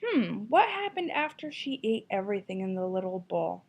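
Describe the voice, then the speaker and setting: A woman's mid-range, sing-song voice carries an expressive reading of a children's story at a moderate pace. The teacher follows with encouraging questions for her class, and the recording is dull and lo-fi.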